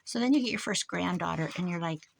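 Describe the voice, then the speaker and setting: Talking quickly in a fairly low, gravelly voice, an older American grandmother rambles casually while working on a craft. A little hiss or hum runs under her chatty vlog.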